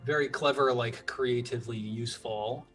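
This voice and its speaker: A man's voice: mid-range voice, steady tone, fairly bright tone, soft background music. Upbeat man running a tabletop game. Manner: upbeat, quick affirmations. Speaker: game master.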